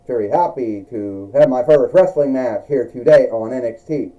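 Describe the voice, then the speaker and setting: A man doing James Kirk, halting and proud. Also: mid-range voice, close to an everyday voice. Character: male starship captain turned wrestler, proud. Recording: dull lo-fi recording.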